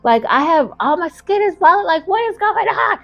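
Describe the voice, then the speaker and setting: A woman voicing a frantic teenage girl who repeats herself in a shrill, panicky voice. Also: big pitch swings, moderate pace, creaky, lo-fi sound, exaggerated voice. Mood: panicked.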